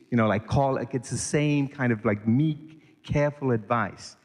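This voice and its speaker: Middle-aged male podcast guest from Sri Lanka, animated storyteller, voice carries a long reverb tail. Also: medium pitch, moderate pace.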